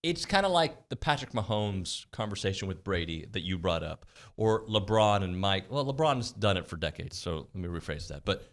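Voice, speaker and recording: A man's voice: deep voice, big pitch swings, normal speed, few pauses. A man co-hosting a casual sports chat show, joking and bantering loosely with frequent restarts. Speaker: co-host.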